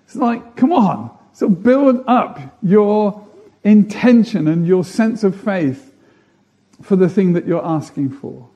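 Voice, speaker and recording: A man's voice: high voice, lively intonation, slow pace, dark tone, muffled recording. A man preaching a sermon, earnest, building emphasis through repeated phrases.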